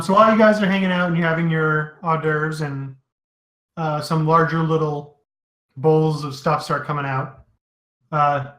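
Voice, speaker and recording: Game master man in an echoey room. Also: fairly high pitch. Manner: relaxed, rambling with fillers. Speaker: dungeon master. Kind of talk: narrating a tabletop game.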